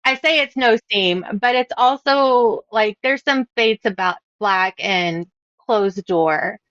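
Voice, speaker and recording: A woman's voice: medium pitch, slow pace, a bit bright, no room sound, muffled recording. A bubbly woman author in her thirties, chatting casually on a podcast and laughing at her own stories. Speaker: author guest.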